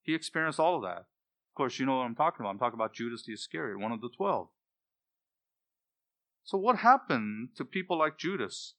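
A man delivers a sermon in an impassioned, emphatic style, his voice pushing hard to loud peaks on the points he stresses. His tone is bright and forceful, and his pitch sits in the middle range. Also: sing-song, a little fast, long pauses. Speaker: preacher.

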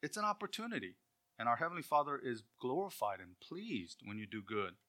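Brief: male preacher, conversational sermon, bright and forceful tone. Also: mid-range voice, sing-song, a little fast. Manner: conversational, rhetorical questions, acts out quotes.

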